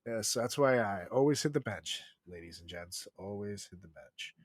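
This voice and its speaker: A man's voice: on the low side, animated, moderate pace, no echo, clean studio sound. A man co-hosting a podcast, chatting casually and crudely, laughing often and rambling with fillers. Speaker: podcast co-host. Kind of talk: casual comedic chat.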